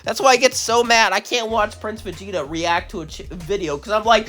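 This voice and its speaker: A man hosting his own channel, telling a crossover story in a casual way and then ranting in an animated, exasperated voice, with a slight cough. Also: high-pitched, moderate pace, few pauses, soft background music. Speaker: channel host, narrator.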